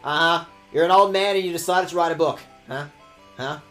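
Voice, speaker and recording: A man's voice: on the high side, fairly quick, fairly bright tone, soft background music. A man streaming a video game, ranting at the characters with sarcastic, profane commentary. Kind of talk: let's-play commentary.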